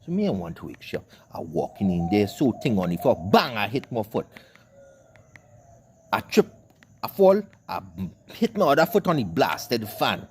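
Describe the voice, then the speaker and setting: A man's voice: lowish voice, very animated, normal speed, a little mellow, a little hiss or hum. A man with a Trinidadian accent telling a rambling comic story in dialect, cussing and carrying on as an online commentator.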